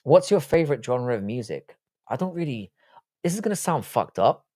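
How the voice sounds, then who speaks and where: Hosting a casual live stream, a man with a London accent reads viewer comments aloud and answers them bluntly, dropping dry asides. His mid-range voice is very animated and dark-toned at normal speed, with no echo.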